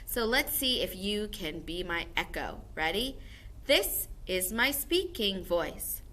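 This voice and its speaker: A woman's voice: medium pitch, sing-song, slow, sharp tone. A woman music teacher giving a recorded video lesson to first graders, upbeat and encouraging, explaining things simply for young children.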